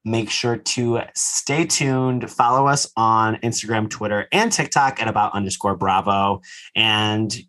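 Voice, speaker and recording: Chatty podcast guy, bright tense voice, keeps saying like. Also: fairly low pitch, a little slow, low-quality recording. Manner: chatty, acts out scenes with lots of "like". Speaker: podcast co-host. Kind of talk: casual recap chat.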